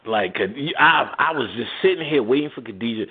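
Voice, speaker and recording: On a tinny phone-like line with clear noise, a medium-pitched radio host tells a story briskly. He laughs, uses slang, and animatedly acts out the voices in casual chat.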